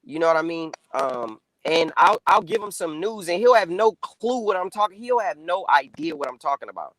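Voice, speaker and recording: A man's voice: on the high side, expressive, moderate pace, a bit bright, no room sound, rough recording. A man speaking as a guest in a casual political discussion, loose and conversational with lots of fillers.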